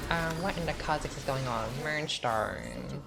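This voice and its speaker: Young woman, very low voice, sassy chatty gameplay commentary, game music behind. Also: unhurried, gravelly. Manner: chatty, sassy, filler-heavy with lots of "like". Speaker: gaming streamer.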